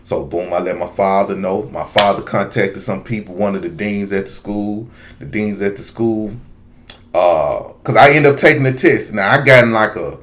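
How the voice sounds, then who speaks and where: Lower-voiced man telling a story. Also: moderate pace, fairly bright tone, slight background noise. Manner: rambling, talks straight to viewers with asides. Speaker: video commentator. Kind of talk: casual storytelling monologue.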